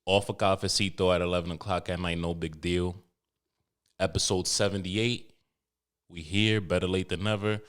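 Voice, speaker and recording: A man with a low voice hosts his own podcast alone. He talks casually and candidly, rambling from joke to confession. He swears freely as he goes. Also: little pitch movement, normal speed, a bit bright, clean tone. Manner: candid, profane, rambling and joking. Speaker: podcast host. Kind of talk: casual solo podcast talk.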